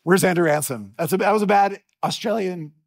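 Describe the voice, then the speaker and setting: Man, middle-aged, pastor, sermon, animated storytelling, restarts often, slightly higher voice. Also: fairly quick, vocal fry. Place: church.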